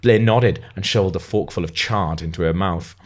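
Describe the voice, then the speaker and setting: A man's voice: sits low, a little fast. A man reading a novel aloud, amused, stopping now and then to comment on it. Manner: amused, breaks off to comment and laugh. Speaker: reader.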